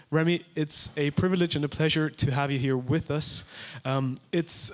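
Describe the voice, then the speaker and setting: A man's voice: a little high, fairly even intonation, moderate pace, few pauses. A man introducing a speaker on a conference stage, formal but hesitant with fillers. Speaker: event host.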